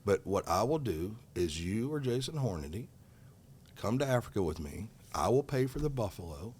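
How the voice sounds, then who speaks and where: A man's voice: lowish voice, moderate pace, slight background noise. A middle-aged man telling a story as a podcast guest, swearing freely and heated as he talks. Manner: profane, heated, animated. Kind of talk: casual storytelling.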